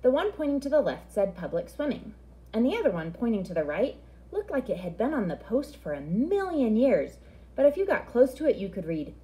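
A woman reading a children's novel aloud in a friendly, expressive storytelling manner. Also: a little high, fairly quick.

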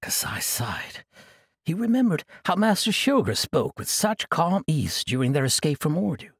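A man narrating a fantasy audiobook in an expressive storytelling manner. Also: fairly high pitch, moderate pace, slightly rough, no room sound, clean studio sound.

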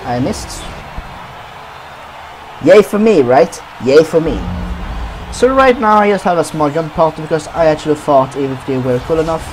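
A man's voice: on the high side, normal speed, long pauses, noisy background. A man giving profane commentary over his own gameplay, trash-talking opponents. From Sweden. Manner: swears a lot, trash-talks opponents. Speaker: gaming commentator.

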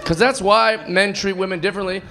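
Brash high-voiced male stand-up comic. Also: fairly even intonation, a little fast, crowd noise. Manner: brash, swinging between shouting punchlines and muttering asides. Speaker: stand-up comedian. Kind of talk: live stand-up comedy. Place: comedy club stage with a laughing audience. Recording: live club recording with audience noise.

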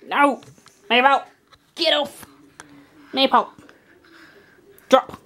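Young woman, slow, singsong baby talk to her dog, giggly, handheld camera at home, faint dog noises behind. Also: high-pitched, animated, pushed and bright, slight background noise. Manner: gushing baby talk with frequent gasps and giggles. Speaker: vlogger. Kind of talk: casual vlog talk to her pet dog. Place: at home indoors. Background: dog sounds.

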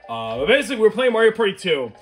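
A man's voice: sits high, very fast. A man co-hosting a let's play, joking and swearing in casual gameplay banter. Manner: joking, animated, swears often. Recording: game music behind.

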